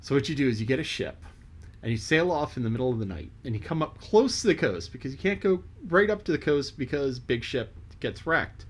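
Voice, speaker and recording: A man's voice: mid-range voice, expressive, brisk. Man reading aloud and chatting loosely. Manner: loose, rambling asides full of fillers. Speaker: audiobook reader. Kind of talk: reading a classic novel aloud with casual commentary.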